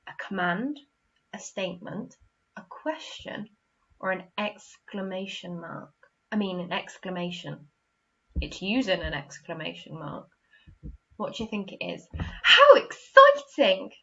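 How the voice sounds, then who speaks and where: English teacher lady, bright voice, explains slow and clear to little kids, kinda muffled recording. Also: on the low side. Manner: clear, encouraging, acts out example sentences with expression. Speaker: primary school teacher. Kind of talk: recorded online lesson for young children.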